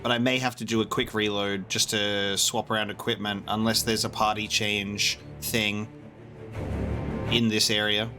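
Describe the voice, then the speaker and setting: A young man giving casual, chatty commentary on a game he is playing blind, excitable and quick to laugh. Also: lowish voice, music in the background. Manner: chatty, excitable, laughs often, many fillers. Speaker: gamer streaming a blind playthrough.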